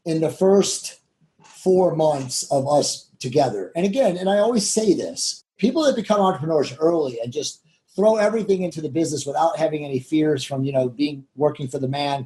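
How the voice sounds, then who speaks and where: Male entrepreneur guest; mellow, relaxed delivery; rambling and self-reflective. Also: a little high, rough recording. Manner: rambling, heavy with "you know" fillers. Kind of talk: casual interview storytelling.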